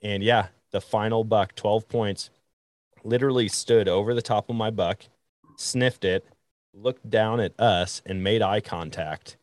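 A young man hosting a podcast, telling a story in casual conversation in an animated way and acting out the other people in it. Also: lowish voice, unhurried, no room sound. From Wisconsin. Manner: animated, acts out quoted voices. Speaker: podcast host.

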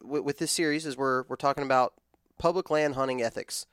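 A man's voice: medium pitch, steady tone, fairly quick, a bit bright, clear, resonant tone, no room sound, studio quality. A man hosting a podcast interview, upbeat and joking with his guest. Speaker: podcast host. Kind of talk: casual interview.

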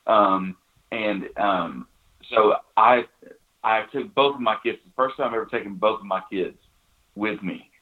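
A man's voice: lowish voice, a little slow. A man, casually telling a hunting story, full of restarts and "you know"s. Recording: tinny phone-like line.

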